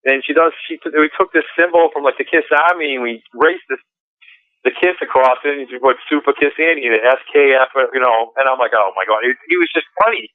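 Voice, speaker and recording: A man's voice: mid-range voice, fast talker, no echo. Rambling man on a phone line. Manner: rambling, many fillers and restarts. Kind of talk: casual storytelling.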